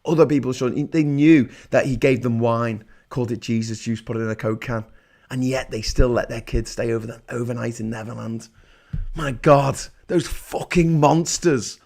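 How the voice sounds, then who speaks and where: A man hosting a political livestream, reading chat messages and ranting sarcastically, swinging between loud outbursts and low muttering. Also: steady tone, moderate pace, creaky. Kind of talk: ranting live-stream commentary reading chat.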